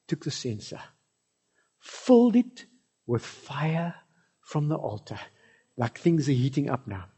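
Man, South African accent, pastor preaching, impassioned, husky, mellow tone. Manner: impassioned, swings between loud cries and soft low asides. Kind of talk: sermon.

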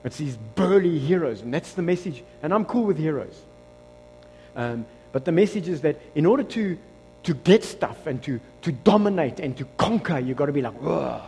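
A man with a South African accent preaching a sermon as pastor, switching between loud exclamations and quiet asides. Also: a little high, normal speed, big-room sound, slight background noise. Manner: animated preaching, shifts between shouting and hushed asides.

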